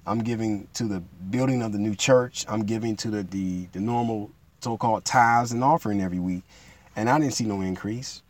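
A man preaching in a relaxed, conversational way, repeating himself and building to emphatic peaks. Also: lowish voice. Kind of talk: informal sermon teaching.

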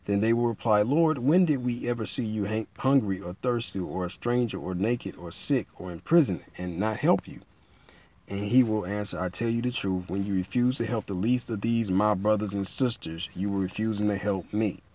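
A man preaching in a relaxed, conversational way, repeating himself and building to emphatic peaks. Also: on the low side, normal speed. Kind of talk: informal sermon teaching.

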